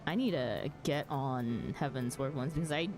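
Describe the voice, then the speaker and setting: A woman's voice: extremely low pitch, normal speed, a little mellow, soft background music. A woman streaming a game, laughing often and chatting casually with her viewers, with some mild swearing. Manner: giggly, casual, swears mildly, talks to chat. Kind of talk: live game stream commentary.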